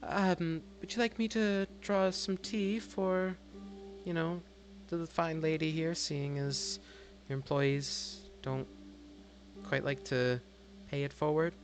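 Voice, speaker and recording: A man doing a soft-spoken female butler. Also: fairly high pitch, fairly even intonation, slow pace, faint music behind, pitched above the performer's own voice. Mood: courteous.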